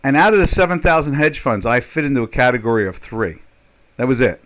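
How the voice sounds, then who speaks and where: A man's voice: mid-range voice, animated, fast, fairly bright tone. An older man chatting casually as a trader on a live stream, rambling and joking, with many fillers and restarts. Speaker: trader hosting a live chat.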